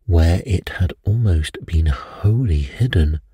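A man narrating a bedtime detective story in a soft, measured, soothing way. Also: low voice, lively intonation, slightly rough, no room sound, studio quality.

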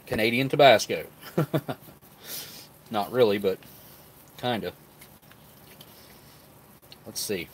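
A man's voice: lowish voice, expressive, extremely slow, pauses often, slight background noise. A man chatting casually to his viewers while he tastes old food, sometimes talking with his mouth full. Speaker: food reviewer. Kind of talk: casual vlog talk to camera.

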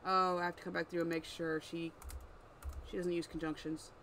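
An author works through their own story aloud, narrating at an even, mid-range pitch. They stop now and then to correct slips or mutter editing notes to themselves. Faint background noise, with a passing vehicle, hums behind the voice. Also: low-quality recording. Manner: unhurried, pausing, correcting slips, musing aside.

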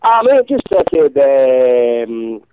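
A man's voice: mid-range voice, sing-song, slow, clean tone, dry recording. A hungover man calling in to a radio show, rambling and swearing with many ums. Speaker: caller. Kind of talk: casual phone chat. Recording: dry tinny phone line.

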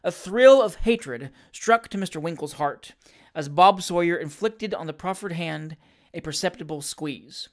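A steady reader narrating a classic novel, measured and even in delivery. The voice sits at a middling pitch. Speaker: audiobook reader. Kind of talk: reading a classic novel aloud.

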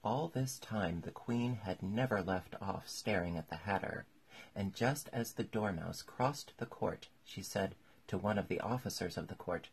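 A man narrating a classic children's story in a measured, even reading. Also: deep voice, creaky, husky. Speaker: audiobook narrator.

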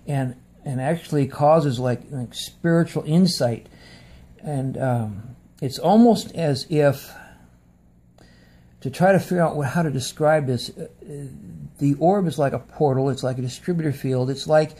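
A man's voice: medium pitch, warm tone. A man speaking into a phone camera in an earnest, casual monologue, often repeating words for emphasis. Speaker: video presenter.

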